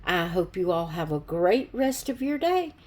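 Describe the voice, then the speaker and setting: A woman hosting a craft channel, talking casually to her viewers in an unhurried way, with many fillers and restarts. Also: fairly low pitch, sing-song. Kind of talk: casual tutorial talk to viewers.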